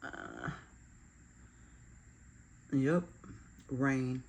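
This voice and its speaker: A woman's voice: deep voice, drawn-out words, creaky, pauses often, darkish tone, slight background noise. A woman chatting casually while decorating her planner, laughing at herself with self-deprecating humor. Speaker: planner vlogger.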